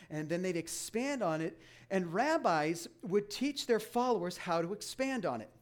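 A man's voice: a little high, animated, fairly quick. Emphatic man preaching a sermon. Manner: emphatic preaching with frequent restarts and asides. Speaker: pastor.

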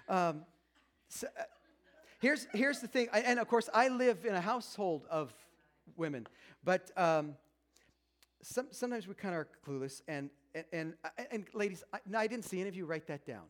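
A man's voice: high-pitched, lively intonation, moderate pace, fairly bright tone. A man in his fifties giving a chatty, self-mocking talk on marriage to a live audience, acting out quoted voices. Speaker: speaker at a marriage seminar.

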